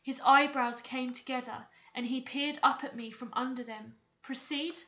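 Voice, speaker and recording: Woman teacher reading a novel aloud, expressive narration, high-pitched, slightly muffled recording. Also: normal speed. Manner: clear, expressive storytelling. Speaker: English teacher.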